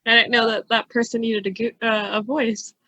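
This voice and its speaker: Bright, earnest woman, dry sound. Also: on the high side, flat delivery, normal speed, dry recording, lo-fi sound. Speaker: podcast co-host. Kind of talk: casual chat.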